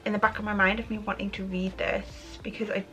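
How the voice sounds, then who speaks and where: A woman's voice: medium pitch, little pitch movement, a little fast, pushed and bright, faint music behind, rough recording. A young woman chatting casually in a reading vlog, thinking aloud with many ums. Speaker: book vlogger.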